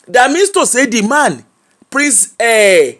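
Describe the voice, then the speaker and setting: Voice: mid-range voice, a bit bright. A host with a Nigerian accent giving chatty, mocking live commentary on the news, repeating phrases for emphasis. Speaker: host of an online gossip and news show. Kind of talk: live-streamed commentary reading viewers' comments.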